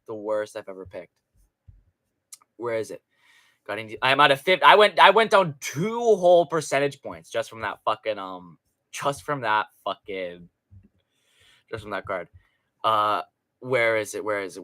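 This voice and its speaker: Brief: male stream host, crisp bright tone, loose and profane, casual chatter. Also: medium pitch, animated, moderate pace. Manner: rambling, profane, chatty with frequent restarts. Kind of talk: casual live stream chat.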